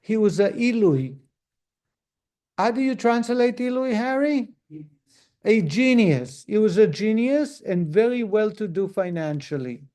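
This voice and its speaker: A man's voice: sits high, expressive, a little slow, dark tone. A middle-aged man, a rabbi, giving a conversational lesson to a class, telling stories and putting questions to his listeners. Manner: storytelling, asks the audience questions.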